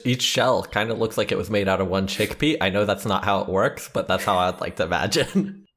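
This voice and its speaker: A man co-hosting a podcast in casual chat, with dry, deadpan humor. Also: lowish voice, brisk, a little hiss or hum. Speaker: podcast co-host.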